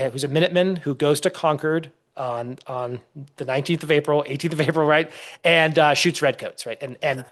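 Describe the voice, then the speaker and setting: A man, a historian being interviewed on a podcast, explaining at length with frequent restarts and storytelling. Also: medium pitch. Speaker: historian guest.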